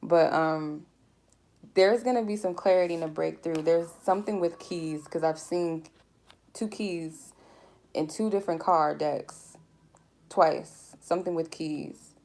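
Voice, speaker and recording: Lady doing a tarot reading, low gravelly voice, rambling and cussing. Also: a little slow, darkish tone. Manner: rambling, candid, swears freely. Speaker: tarot reader. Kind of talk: collective tarot reading, casual live talk.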